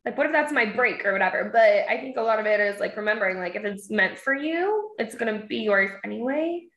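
A mom chatting casually, laughing often and acting out quotes in a bright, animated voice. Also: female voice, fairly quick. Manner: giggly, animated, acts out quotes in a high voice. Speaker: mom and podcast guest. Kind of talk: casual chat. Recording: echoey room.

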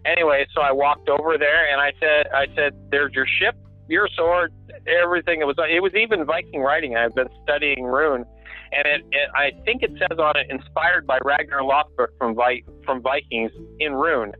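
Style: rich. A chatty, self-described wacky man tells long, rambling stories and laughs often, his voice pitched a little high for a man. He comes through a thin, tinny phone line, with faint music playing underneath. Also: fairly even intonation, moderate pace. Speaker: guest sand sculptor and carver. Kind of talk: casual storytelling interview.

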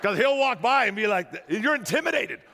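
A man preaching a sermon to a church crowd, telling stories in an animated way and rousing the audience, in a large auditorium. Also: high voice, normal speed, creaky, big-room sound, slight background noise. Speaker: guest pastor.

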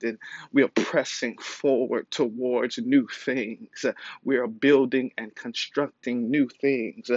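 A man preaching a sermon with measured, emphatic repetition and frequent pauses and fillers. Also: mid-range voice, no echo, muffled recording.

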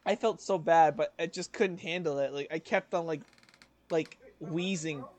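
A young man co-hosting a podcast, telling a workplace story in casual chat, lively and acting out what others said. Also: on the high side, normal speed. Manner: animated, acts out quoted voices, laughs often. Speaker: podcast co-host.

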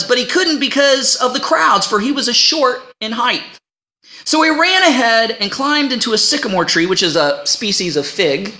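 Guy preaching a sermon, bright voice, folksy and chatty with the congregation. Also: very high voice. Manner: animated, folksy, checks in with the congregation. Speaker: pastor.

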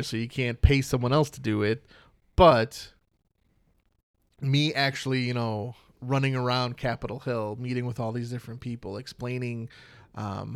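A Michigan man in his thirties co-hosts a casual podcast, telling stories with a cynical edge and plenty of swearing. His medium-pitched voice has vocal fry and a clean tone, recorded at studio quality with no room sound.

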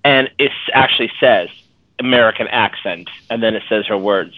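A man's voice: on the low side, moderate pace, no echo. A man co-hosting a fan podcast in casual chat, rambling and restarting as he muses about the story. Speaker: podcast co-host. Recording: dry, tinny phone-like audio.

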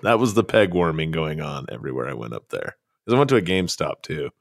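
A man's voice: rumbling low, sing-song, quick pace, gravelly, no echo, studio quality. A man co-hosting a podcast, chatting casually and telling rambling anecdotes. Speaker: podcast co-host. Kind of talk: casual chat.

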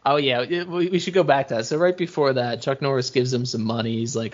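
A man co-hosting a podcast, casually recapping a movie and acting out its lines in an animated way. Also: mid-range voice, quick pace. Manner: animated, retells scenes with quoted lines and laughs. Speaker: podcast co-host. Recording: muffled lo-fi audio.

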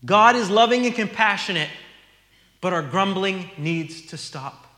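A man with a bright, high-pitched voice preaches an earnest sermon, reading scripture and explaining it to his congregation. His voice rings through a roomy church hall with a long reverb. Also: lively intonation, unhurried. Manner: earnest, teaching, reads scripture aloud. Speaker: pastor.

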